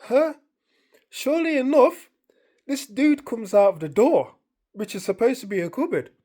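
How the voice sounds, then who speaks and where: A woman's voice: on the high side, lively intonation, normal speed, warm tone. Woman just chatting to camera, rambly, repeats herself, voice bouncing all over. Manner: rambling, repeats phrases, many fillers like "like". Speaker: vlogger. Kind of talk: casual storytelling monologue.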